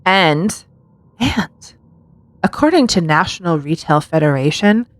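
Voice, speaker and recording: A woman with a somewhat low voice co-hosts a casual podcast, joking around and laughing often. She swears freely in easy chat. The sound is dry and close, with no room echo. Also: animated, measured pace. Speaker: podcast co-host.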